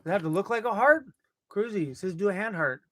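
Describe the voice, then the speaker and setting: A man's voice: high voice, lively intonation, fast, a bit bright. A man chatting casually on a live stream from a workshop, laughing and calling everyone bro, with a dog close by. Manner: laid-back, laughing, calls everyone bro. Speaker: van-life live streamer.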